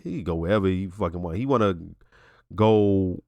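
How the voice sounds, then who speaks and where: A man holds forth in a casual reaction review, cursing often and acting out the characters' lines. His pitch leaps high when something surprises him. The sound is close and dry, with no room around it. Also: normal speed, dry recording. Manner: profane, animated storytelling with exclamations. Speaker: reaction video host.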